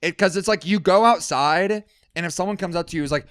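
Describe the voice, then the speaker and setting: A young man co-hosting a podcast, ranting in casual chat with lots of swearing and sudden loud, high bursts. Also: fast, few pauses, no echo, clean studio sound. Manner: ranting, heavy swearing, swings loud and high when worked up. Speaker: podcast co-host.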